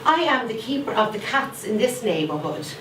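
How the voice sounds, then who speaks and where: An actress performing an older widowed grandmother who fiercely guards her garden and its cats, telling her story with slow, emphatic repetition. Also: fairly high pitch, very animated, a bit bright. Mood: scolding. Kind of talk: theatre monologue. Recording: echoey room, far from mic, faint noise.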